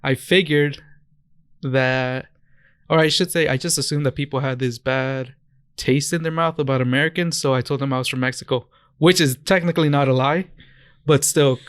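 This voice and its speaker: A man's voice: mid-range voice, steady tone, moderate pace, clean tone, no room sound, clean studio sound. A young man co-hosting a podcast, chatting casually and rambling through stories with lots of restarts and self-corrections. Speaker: podcast co-host. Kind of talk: casual chat.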